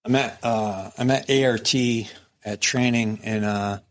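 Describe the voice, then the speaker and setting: A middle-aged man who used to be a prison captain tells war stories in a casual interview, his lowish voice unhurried. He is animated and profane, freely cursing and acting out quoted dialogue.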